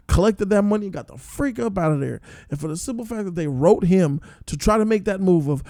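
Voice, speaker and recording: A man giving a casual spoiler review, excitable and profane, breaking into loud outbursts. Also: high voice, a little fast, few pauses, no echo, studio quality. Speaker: show reviewer.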